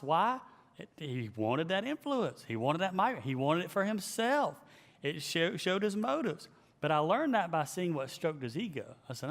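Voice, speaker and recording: Male pastor, emphatic leadership talk, somewhat high voice, long hall reverb. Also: moderate pace. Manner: emphatic, animated, repeats key phrases. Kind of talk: leadership teaching to an audience.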